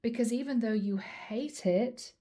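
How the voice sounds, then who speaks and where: A woman's voice: fairly high pitch, measured pace, dark tone. A woman reading tarot cards to camera in a chatty way, calling her viewers guys. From Europe. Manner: chatty, addresses viewers as guys, acts out quoted lines. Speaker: tarot reader.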